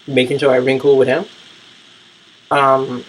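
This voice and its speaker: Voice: medium pitch, level tone, moderate pace, slight background noise, poor audio. A vlogger giving a casual, profane, rambling recap of the week's TV shows, full of fillers and blunt opinions.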